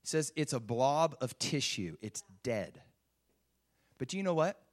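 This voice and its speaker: A man's voice: medium pitch, very animated, unhurried. A man preaching a sermon, emphatic and full of rhetorical questions. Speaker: pastor.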